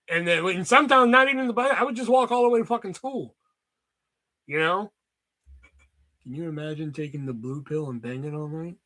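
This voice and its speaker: A man's voice: high voice, sharp tone. A man chatting casually from his basement at home, rambling and joking with plenty of swearing. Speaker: streamer. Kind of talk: casual chat.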